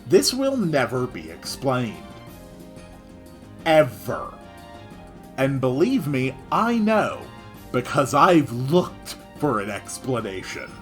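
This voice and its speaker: A man's voice: medium pitch, huge pitch swings, takes it slowly, faint music behind. A man giving casual gameplay commentary with dry, joking asides. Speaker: let's-play host.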